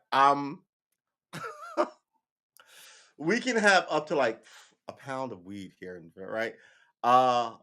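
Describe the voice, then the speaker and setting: A man's voice: medium pitch, a bit bright. A man hosting a casual live stream, commenting on the news in a rambling, profane, joking way and often stopping to correct himself. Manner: rambling, profane and joking, addresses viewers as boys and girls; thinks aloud, often restarts and self-corrects.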